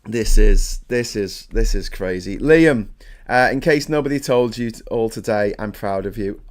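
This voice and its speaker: A man's voice: mid-range voice, big pitch swings, measured pace. A man hosting a casual morning live stream, chatting, swearing freely and thanking viewers for their donations.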